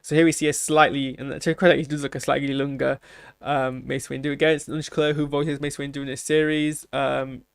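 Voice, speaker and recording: A man talks through his reactions in casual commentary, pausing and restarting as he thinks aloud. His voice is gravelly and sits mid-range for a man. The recording is close and dry. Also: medium pitch, level tone, no room sound. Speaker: trailer reaction host.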